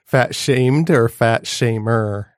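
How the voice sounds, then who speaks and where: A man's voice: mid-range voice, takes it slowly, no echo. A man chatting casually on a podcast, telling stories in a dry, self-deprecating way. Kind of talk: casual chat.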